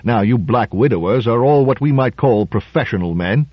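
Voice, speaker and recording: A man's voice: medium pitch, animated, normal speed, breathy edge, no room sound, dull audio. A man voicing a guarded, hesitant male musician opening up at a dinner, in a storybook reading. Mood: confiding. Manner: hesitant, defensive. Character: uneasy male concert violinist, guarded.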